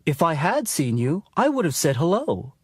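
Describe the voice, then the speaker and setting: A man's voice: a little high, very animated, normal speed, slightly rough, no echo, clean studio sound. An actor playing a young office worker who keeps apologizing for his mistakes. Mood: apologetic. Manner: apologetic, flustered.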